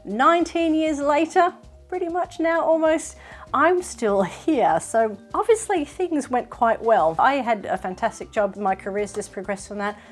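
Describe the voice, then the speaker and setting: Faint music plays behind a middle-aged sewing vlogger from Australia as she talks casually to camera in a high-sitting voice. Her Australian accent carries some British influence, and she laughs easily and pokes fun at herself.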